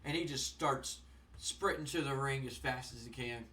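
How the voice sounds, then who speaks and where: A young man casually commenting on a wrestling management game, rambling with lots of fillers and getting excited. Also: medium pitch, moderate pace, distant mic, a little hiss or hum. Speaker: gaming channel host. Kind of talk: casual let's-play commentary.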